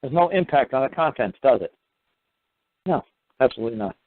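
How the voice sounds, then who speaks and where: Fast-talking blunt man on a tinny line. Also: mid-range voice, animated, no room sound. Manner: blunt, profane, lecturing. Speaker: host answering callers. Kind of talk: call-in radio talk. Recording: dry, tinny phone-line sound.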